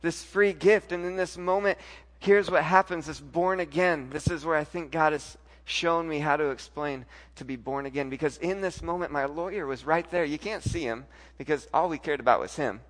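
A pastor preaching a sermon, telling a personal story, moving from soft, intimate lines to loud, emphatic ones. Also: male voice, on the high side, normal speed, few pauses.

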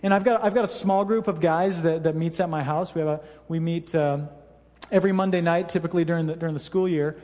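A man's voice: a little high, steady tone, quick pace, a little mellow. A man in his thirties preaching a sermon to a church congregation, telling stories in a conversational, self-deprecating way with lots of fillers. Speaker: pastor. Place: church hall. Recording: reverberant church hall.

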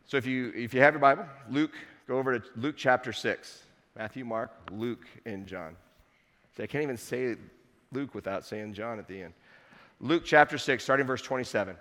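A man preaching a sermon to his congregation in a relaxed, conversational way with playful asides. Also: medium pitch, moderate pace, long reverb tail. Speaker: pastor. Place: church sanctuary.

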